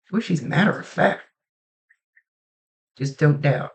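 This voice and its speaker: A woman working as a psychic medium who gives a spoken reading, relaying messages in a halting, conversational way and often restarting her sentences. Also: sits low.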